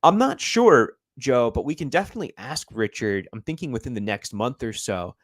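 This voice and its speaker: A young American football channel host chats in a mid-range voice with lively intonation, going a little fast. The recording is dry, and his casual live-stream talk rambles with plenty of fillers.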